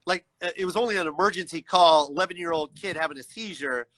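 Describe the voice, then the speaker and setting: High, bright-voiced man telling a story. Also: quick pace, no room sound, low-quality recording. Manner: animated, acts out voices in his story; frequent "you know what I mean" asides. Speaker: guest storyteller. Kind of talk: casual storytelling on a livestream. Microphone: video call.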